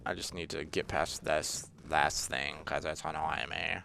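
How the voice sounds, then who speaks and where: A man's voice: rumbling low, steady tone, a little slow, gravelly, bright, forceful tone, a little hiss or hum. A young man casually commenting while he plays a video game, rambling and joking, with lots of fillers. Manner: rambling, jokey, easily frustrated, many fillers. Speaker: gaming channel host. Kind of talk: casual let's-play commentary.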